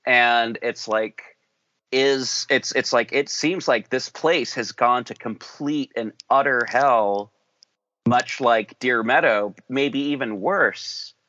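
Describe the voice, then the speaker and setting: A man's voice: medium pitch, takes it slowly, sharp tone, no room sound. Man, podcast host, rambling casual talk, dull muffled recording, dry. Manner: rambling, thinks aloud.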